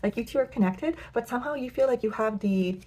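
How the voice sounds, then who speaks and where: A young woman giving a pick-a-card tarot reading, gentle and affirming, with many filler words. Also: on the high side, fast. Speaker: tarot reader.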